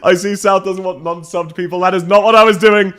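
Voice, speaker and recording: A man's voice: high-pitched, steady tone, fairly quick, a bit bright, clear, resonant tone. A male streamer chatting casually with his viewers, laughing often and thanking them, slightly congested and coughing. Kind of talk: casual live stream chat.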